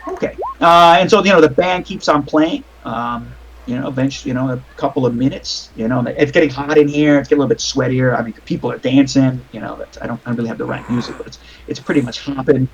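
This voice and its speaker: A man's voice: medium pitch, fast talker, breathy edge, poor audio. A man narrating as game master of a tabletop game over a voice call, rambling with many fillers and restarts.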